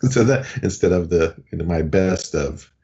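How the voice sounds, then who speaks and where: A man's voice: low-pitched, measured pace, warm tone, muffled recording. A man co-hosting a podcast in a casual chat, talking in a rambling, hesitant way. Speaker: podcast co-host.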